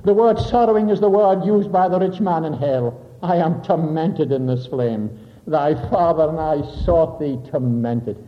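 A man preaching a sermon with dramatic delivery, sinking to a soft low voice for emphasis and explaining Greek words. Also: unhurried, a little hiss or hum. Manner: expounds Greek word meanings. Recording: dull lo-fi recording.

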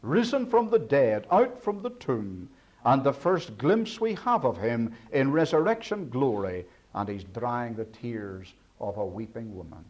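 A male preacher delivers a sermon in a medium-pitched voice. He climbs to emphatic peaks and drops to hushed, low endings. The recording sounds dull and lo-fi. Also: sing-song, a little slow.

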